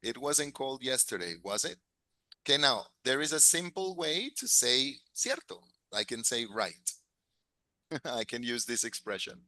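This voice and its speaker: A man's voice: mid-range voice, expressive, a little slow, sharp tone, no room sound. A man teaching an English class, encouraging his students, drilling phrases and chuckling often.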